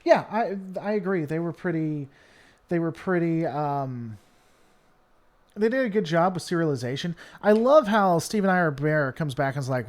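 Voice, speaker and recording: A man from Tennessee hosts a casual live stream, reading out comments from his chat and talking back to them. A faint Southern twang slips into his speech now and then. He rambles, leaning on fillers and restarting sentences, in a voice that sits a little higher than usual. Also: lively intonation, normal speed. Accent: mild Southern American twang at times. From Tennessee, American South.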